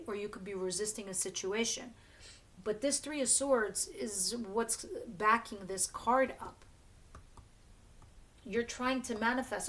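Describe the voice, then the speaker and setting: This tarot reader has a mid-range, fairly bright voice. Reading cards casually for her channel, she's chatty and blunt, full of filler words, and keeps restarting and correcting her phrases.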